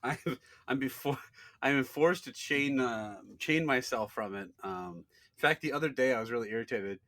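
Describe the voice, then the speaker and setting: A man co-hosting a podcast in casual chat, joking about himself with deadpan asides. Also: medium pitch, normal speed, no echo, studio quality. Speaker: podcast co-host.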